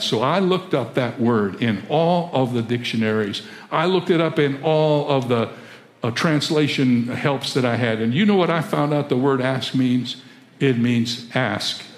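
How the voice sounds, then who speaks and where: An older man preaching a sermon, telling stories with chuckles and animated emphasis. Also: medium pitch. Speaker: pastor. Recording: roomy echo.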